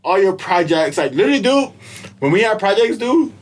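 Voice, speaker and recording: A young man from Israel co-hosting a casual podcast, telling an animated, slangy story and laughing often. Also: high voice, a little fast. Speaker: podcast co-host. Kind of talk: casual chat.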